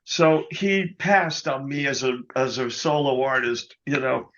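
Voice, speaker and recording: A man being interviewed as a guest musician, telling an anecdote in a casual, animated way, often adding "you know". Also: mid-range voice, unhurried, muffled recording. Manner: animated anecdote teller, quotes others, many "you know"s.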